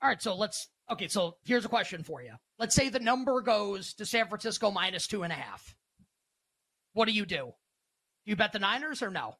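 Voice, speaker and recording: A male host talking through sports betting in an energetic, emphatic, casual way, often firing off rhetorical questions. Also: high voice, a little fast, dry recording.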